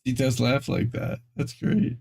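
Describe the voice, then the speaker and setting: A man's voice: mid-range voice, very animated, measured pace, creaky, darkish tone, breathy edge. A man hosting a show, reacting to clips with laughs and gushing remarks. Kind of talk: casual chat reacting to videos.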